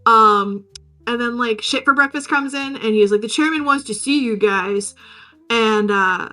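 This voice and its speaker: A woman's voice: fairly high pitch, measured pace, sharp tone, faint music behind. A woman co-hosting a podcast, casually recapping a film, swearing freely and acting out the characters in silly voices. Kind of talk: casual chat.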